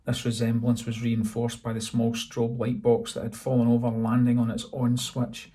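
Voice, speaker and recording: A Scottish man, the author, narrating his own novel in a steady, dry reading. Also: medium pitch, moderate pace. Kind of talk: audiobook narration.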